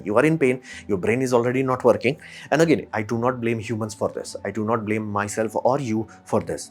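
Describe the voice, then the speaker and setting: A man hosting a podcast, talking casually and emphatically, with rhetorical questions and mock quotes. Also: on the low side. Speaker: podcast host. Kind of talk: casual solo commentary.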